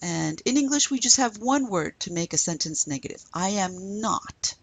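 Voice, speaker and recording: A middle-aged woman teaching a recorded French lesson, patiently explaining step by step and saying French phrases slowly for her students. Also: medium pitch, expressive, creaky, slightly rough, no room sound, poor audio.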